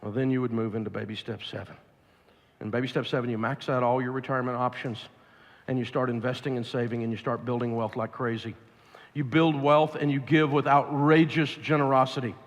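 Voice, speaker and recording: A man's voice: mid-range voice, level tone, brisk, lo-fi sound. Blunt Southern man in a big hall. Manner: blunt, emphatic, preachy. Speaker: financial speaker. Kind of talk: live seminar talk to an audience. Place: large live event venue. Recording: long hall reverb from a large venue.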